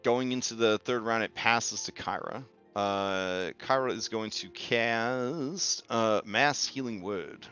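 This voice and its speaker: Bright, crisp-voiced game master. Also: male voice, on the low side, muffled recording, faint music behind. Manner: casual, swears freely, quick asides. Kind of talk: narrating a tabletop game.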